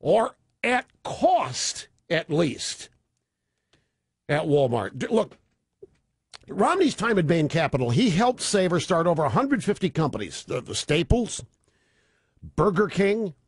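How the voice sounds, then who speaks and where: A man's voice: a little high, sing-song, a little slow, long pauses, husky, no room sound, clean studio sound. A man hosting a radio talk show, delivering an opinionated monologue with sarcastic, mocking asides.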